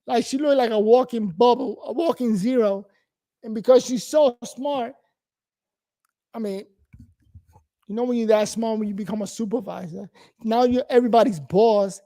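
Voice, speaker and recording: A man's voice: extremely high pitch, moderate pace, pauses often, mellow. A man in his forties from New York, giving a blunt, profane, rambling casual monologue as host.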